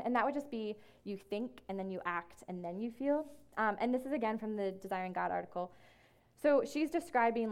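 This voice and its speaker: A woman gives a faith talk to a room of listeners in a relaxed, chatty way, full of little "like" and "um" fillers. Her pitch sits in an ordinary middle range for a woman. When she reads a verse she slows right down and lets it land. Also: smooth. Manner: casual and conversational, many fillers like "like" and "um"; slows down to read scripture. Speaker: ministry staff speaker. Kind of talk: talk to a group. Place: room with an audience.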